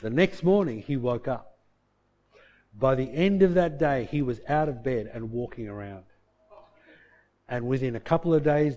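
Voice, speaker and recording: A man preaching a sermon, telling a story and swinging from loud bursts to hushed tones. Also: medium pitch. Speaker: pastor.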